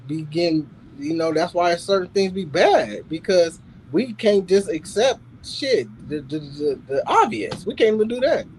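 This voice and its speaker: Insistent high-voiced man arguing faith. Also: animated, a little slow, hardly any pauses, darkish tone, a little hiss or hum, low-quality recording. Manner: insistent, argues by questions. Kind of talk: casual debate.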